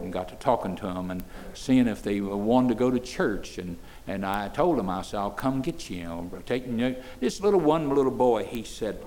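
A man's voice: on the low side, darkish tone, slight background noise. An older man, preaching a sermon in a folksy way that builds to fervent emphasis. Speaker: pastor.

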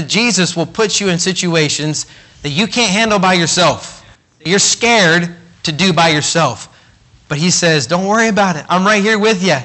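A man's voice: high voice, bright, forceful tone. A man preaching a sermon in a conversational way, acting out the voices of the people in his stories. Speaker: pastor.

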